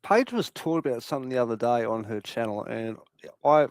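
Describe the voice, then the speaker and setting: A man streaming live, telling a story in an excitable, profane way. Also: medium pitch, fairly quick, clear, resonant tone, dry recording. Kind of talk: casual chat on a live stream.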